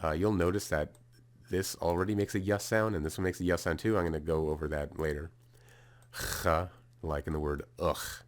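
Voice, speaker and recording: Casting: man with a very low voice, relaxed self-taught lesson tone, casual phrasing, sounds out letters. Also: fast talker. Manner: casual, thinking aloud, fillers and restarts while sounding out runes. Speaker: video creator explaining a rune spelling system.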